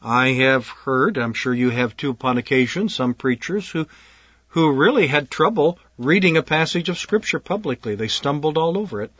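Husky earnest pastor teaching preachers. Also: male voice, on the high side, lively intonation, fairly bright tone, no room sound. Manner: earnest, deliberate, repeats words as he gathers thoughts. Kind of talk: instructional talk on preaching. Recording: dull lo-fi dry recording.

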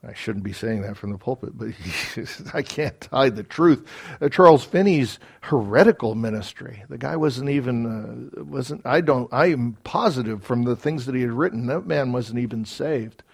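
A man's voice: mid-range voice, animated, normal speed, vocal fry, slightly rough. A man preaching a sermon as pastor, earnest and building to emphatic peaks, with casual asides. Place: church.

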